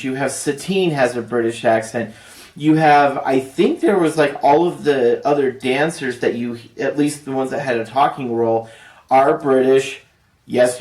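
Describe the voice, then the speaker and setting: A man with a mid-range, slightly mellow voice gives a casual, rambling movie review full of fillers and restarts. He sounds distant from the mic, with a roomy echo around him.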